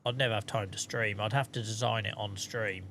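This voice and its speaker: A man's voice: on the low side, steady tone, brisk, a bit bright, a little hiss or hum. A man chatting casually on a live stream while he plays a game, thanking viewers and muttering asides to himself.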